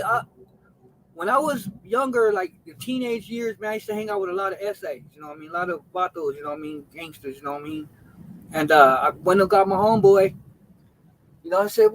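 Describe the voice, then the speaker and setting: A man's voice: high-pitched, a little hiss or hum, poor audio. A man in his forties, a gaming streamer telling stories on a casual live stream in a laid-back, slangy way, swearing freely and greeting his chat.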